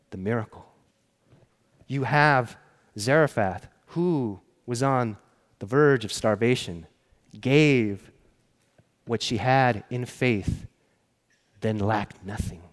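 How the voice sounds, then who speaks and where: A man preaching a sermon, telling the stories conversationally and often dropping to hushed, emphatic phrases. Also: medium pitch. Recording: long hall reverb.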